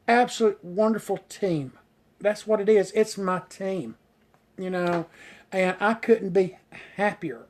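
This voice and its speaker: A hairstylist whose voice sits high and sounds a little mellow chats on a live stream, reading and answering viewer comments. Enthusiastic and rambling, he relies on "you know" fillers and stumbles over difficult words.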